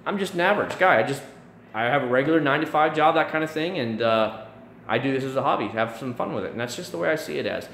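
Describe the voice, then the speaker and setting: Hosting a casual YouTube live stream, a man in his thirties from Central Florida rambles through answers to chat, restarting often and leaning on fillers. He speaks fast, with an expressive, gravelly, fairly bright mid-range voice, in an echoey room with faint background noise.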